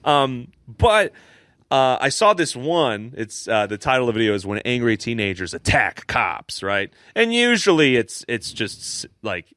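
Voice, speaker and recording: A man's voice: measured pace, dry recording. A young man co-hosting a casual podcast, telling stories and acting out the people in them with big jumps in his voice. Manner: animated storyteller, acts out quotes with big pitch jumps. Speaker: podcast co-host.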